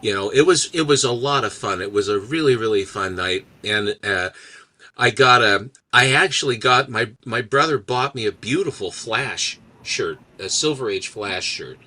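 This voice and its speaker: A man in casual chat, telling a long family anecdote in a halting, rambling way. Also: on the low side, animated, bright, forceful tone, rough recording. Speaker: co-host.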